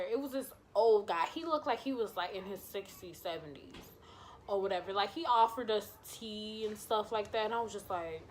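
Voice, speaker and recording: A woman vlogger in a mid-range voice shares a personal story casually and with lots of energy. She plays out the dialogue herself and swears freely throughout.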